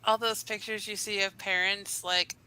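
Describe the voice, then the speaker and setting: Female guest voice, very bright and crisp, quiet and halting. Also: mid-range voice, little pitch movement, no room sound, rough recording. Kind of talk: casual chat.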